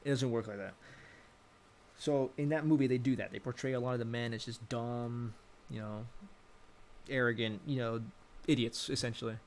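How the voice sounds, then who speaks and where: A man's voice: mid-range voice, steady tone, normal speed, a little hiss or hum. A young adult man giving casual, rambling commentary, thinking aloud and correcting himself as he goes. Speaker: vlogger.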